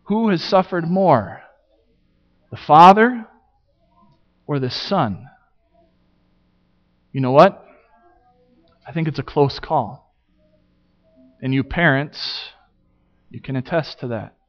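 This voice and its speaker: A man delivers a sermon at a deliberate, unhurried pace. His voice sits slightly higher than most men's, and he leans on rhetorical questions and dramatic pauses. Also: expressive, dull audio. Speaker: pastor.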